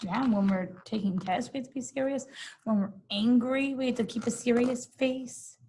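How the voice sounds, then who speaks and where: A woman's voice: on the high side, moderate pace, dark tone, slight background noise, low-quality recording. A woman reading a picture book aloud, breaking in with casual, amused asides to her listeners. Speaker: storybook reader.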